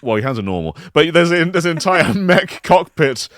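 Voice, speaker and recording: A man co-hosting a podcast in casual chat, pitching an imagined game console like an animated storyteller. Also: normal speed, dry recording, clean studio sound. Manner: animated storyteller who slips into silly voices. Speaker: podcast co-host.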